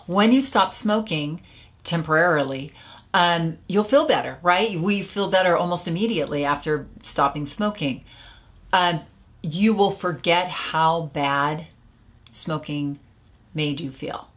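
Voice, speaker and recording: A woman's voice: lowish voice, measured pace. A woman who coaches smokers, talking to camera in a casual, chatty way with lots of filler words. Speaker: stop-smoking coach. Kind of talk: casual teaching video.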